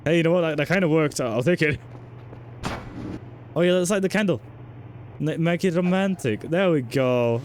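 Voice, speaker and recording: A man's voice: on the high side, moderate pace, pauses often, slight background noise. A man streaming a game in casual commentary, chatty, swearing and joking while talking to his chat.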